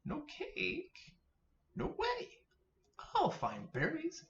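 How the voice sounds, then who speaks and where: A man's voice: extremely high pitch, huge pitch swings, very slow, slight background noise, voice pushed up, heavily acted. A man voicing a tiny, stubborn young girl rabbit who talks in short, clipped, insistent bursts in a storybook reading. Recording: roomy, slightly dull sound.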